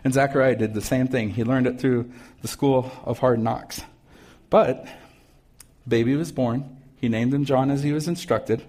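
Male pastor, middle-aged, relaxed sermon voice, mid-pitched, talks with the congregation. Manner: conversational, asks the congregation questions. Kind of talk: casual sermon with scripture reading.

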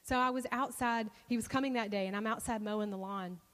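A woman with a fairly high voice preaches, her story rising into animated bursts of excitement. The sound carries a long reverb, as if from a large hall. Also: brisk. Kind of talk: sermon storytelling.

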